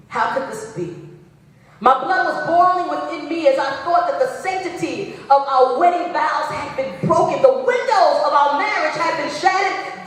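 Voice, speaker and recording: High-voiced woman giving impassioned testimony. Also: a bit bright. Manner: emotional, preacherly cadence. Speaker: panel speaker. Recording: echoey hall from far off.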